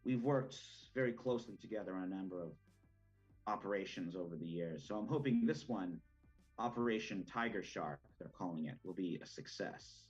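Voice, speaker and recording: A smooth older mob boss who lays out his plans slowly and deliberately, played by a man running a tabletop game. The voice sits at a middling pitch with a husky edge. The recording is muffled and lo-fi, with faint music underneath. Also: darkish tone. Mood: welcoming. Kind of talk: tabletop role-play.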